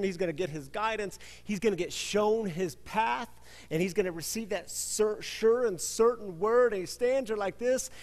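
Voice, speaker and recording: A male pastor preaching a sermon, telling the story in an animated way and acting out voices. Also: sits high. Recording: reverberant hall.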